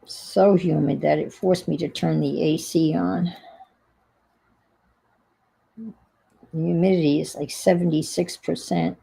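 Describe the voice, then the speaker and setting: A woman's voice: sits low, steady tone, measured pace, vocal fry, pauses often, mellow, husky, low-quality recording. A woman with a New York accent chatting casually and thinking aloud while she crafts at home on a livestream.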